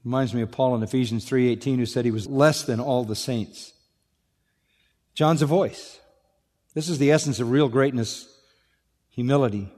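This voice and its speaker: A man's voice: medium pitch, normal speed, pauses often, a little mellow, big-room sound. A man preaching an expository sermon, emphatic, rising on rhetorical questions and dropping to near-whispers.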